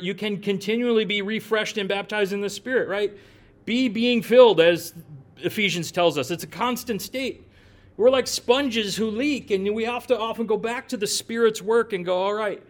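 Folksy man preaching, fairly high voice. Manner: folksy, asks the listeners questions, jokes in asides. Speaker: pastor. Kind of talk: conversational sermon.

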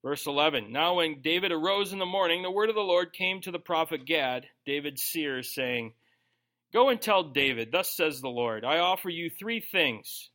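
A man's voice: fairly high pitch, animated, moderate pace, bright, forceful tone. A man preaching a conversational sermon, joking and briefly acting out quoted voices as he teaches through a Bible passage. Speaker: pastor.

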